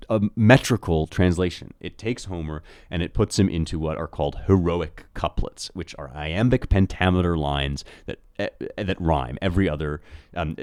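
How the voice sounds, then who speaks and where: A man's voice: low-pitched, a little mellow, no room sound, studio quality. A man giving a thoughtful educational talk on translating poetry, often restarting his phrasing. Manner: thoughtful, with frequent restarts and rhythmic demonstrations. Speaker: host.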